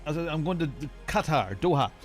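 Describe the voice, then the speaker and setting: A man's voice: on the high side, lively intonation, a little fast, soft background music. A man streaming sim racing live, chatting casually and thinking aloud with many restarts.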